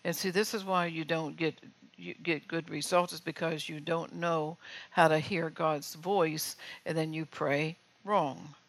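Older woman preacher, gravelly and fairly flat in delivery, talks to the congregation conversationally and keeps checking in. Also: sits low, measured pace, low-quality recording. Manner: conversational, often checks in with the listeners. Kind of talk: sermon.

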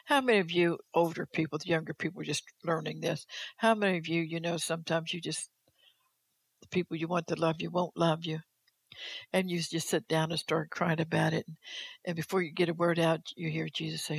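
A preacher gives a sermon in a gravelly, fry-edged voice that stays flat and steady in pitch. The delivery is slow and deliberate, turning again and again to the listeners and repeating phrases to drive each point home. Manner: addresses listeners directly, repeats phrases for emphasis.

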